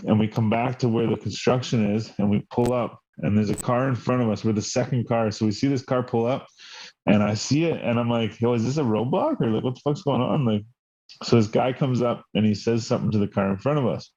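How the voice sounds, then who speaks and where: Casual young male co-host, mellow tone, swears freely, acts out quoted dialogue; lo-fi podcast sound. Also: medium pitch, a little fast. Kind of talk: casual storytelling chat. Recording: dull lo-fi podcast audio.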